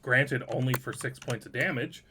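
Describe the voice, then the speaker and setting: A man's voice: mid-range voice, moderate pace, pushed and bright, a little hiss or hum. A man narrating as game master of a tabletop game, in a wry, teasing way.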